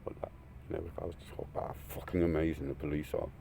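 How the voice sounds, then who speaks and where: A man crying through a rambling, emotional monologue, swearing often and swinging between loud outbursts and hushed, near-whispered lines. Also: a bass voice, fairly even intonation, very fast, vocal fry, slight background noise.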